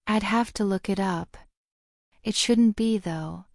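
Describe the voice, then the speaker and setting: A woman's voice: medium pitch, slow pace, gravelly, a little mellow, dry recording, studio quality. A woman voicing an earnest, studious young witch in an audiobook, explaining things carefully. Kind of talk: audiobook character reading.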